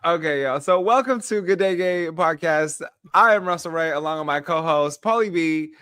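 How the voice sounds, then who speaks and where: A man's voice: on the high side, sharp tone, clear, resonant tone, no echo, clean studio sound. Giggly American man hosting a podcast. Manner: giggly, playful, drawn-out greetings. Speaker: podcast co-host. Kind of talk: casual chat.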